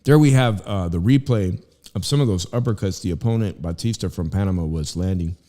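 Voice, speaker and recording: With a low, mellow voice and a fairly quick delivery, this livestream host drifts between commenting on fights and casual talk, chewing food at home as music plays. The sound has the character of a large hall.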